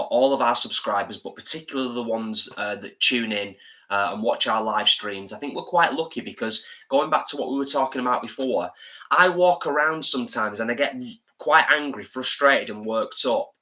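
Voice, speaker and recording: Northern english guy chatting on a home live stream, reading out comments, bright forward voice. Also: medium pitch, moderate pace. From England. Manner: chatty, reads viewer comments aloud, earnest. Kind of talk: casual live-stream chat. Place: home, drinking beer.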